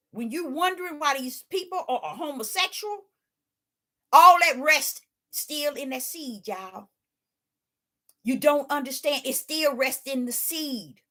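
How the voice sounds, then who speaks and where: A woman's voice: high voice, pushed and bright. A woman preaching informally, emphatic and rhetorical, with folksy dialect and phrases repeated for emphasis.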